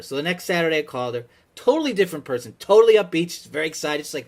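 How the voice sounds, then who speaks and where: A man's voice: fairly high pitch, big pitch swings, rapid-fire, few pauses. A man telling rambling, exasperated stories to a therapist over a video call, his voice climbing to pleading. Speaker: patient in comedy sketch. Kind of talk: comedic monologue to a therapist.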